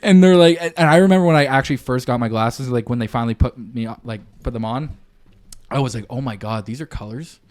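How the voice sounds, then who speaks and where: A man's voice: medium pitch, quick pace, darkish tone. A young man on a podcast, telling a rambling story in casual chat, full of slang and swearing. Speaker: podcast co-host.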